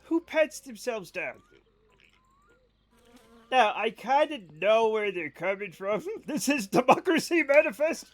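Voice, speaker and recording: A man's voice: extremely high pitch, lively intonation, unhurried, pauses often, poor audio. A man streaming a game, chatting casually, joking, swearing and often laughing. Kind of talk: casual livestream commentary.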